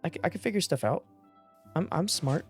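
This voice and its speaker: Excitable man thinking aloud over gameplay. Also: a little high, a little fast, over music. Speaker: gaming channel host. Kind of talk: casual gameplay commentary.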